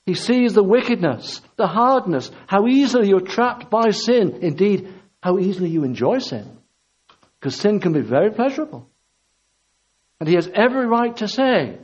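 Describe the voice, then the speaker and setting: A man's voice: high voice, very animated, moderate pace, husky. A man preaching a sermon with impassioned, repetitive emphasis. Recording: dull lo-fi recording.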